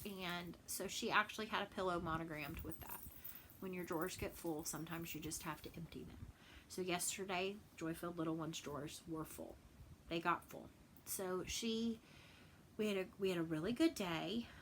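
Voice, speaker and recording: A woman's voice: fairly low pitch, normal speed, fairly bright tone, slight background noise, low-quality recording. A woman from Texas in a casual home vlog, chatting and rambling with many fillers and repeated words. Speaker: cross stitch vlogger. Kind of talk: casual chat.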